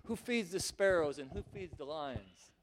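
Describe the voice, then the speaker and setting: High-pitched guy preaching a sermon, lots of rhetorical questions, gets loud and pushy. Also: animated, moderate pace, a little hiss or hum. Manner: emphatic, building to near-shouts, with many rhetorical questions.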